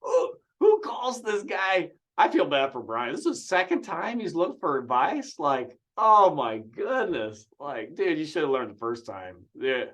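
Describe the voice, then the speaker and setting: A man's voice: fairly high pitch, sing-song, moderate pace, hardly any pauses, sharp tone. A man giving sarcastic, incredulous reaction commentary on a call-in clip.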